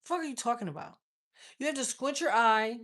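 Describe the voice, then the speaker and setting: A woman chatting casually with viewers as a tarot reader, telling stories in a blunt, profane, animated way. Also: a little high, a little fast. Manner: blunt, profane, animated storytelling with frequent laughs. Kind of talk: casual live-stream chat.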